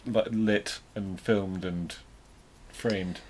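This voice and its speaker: A man, co-hosting a casual film discussion, measured and thoughtful, hedging his points. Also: low voice, fairly even intonation, a little mellow. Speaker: podcast co-host.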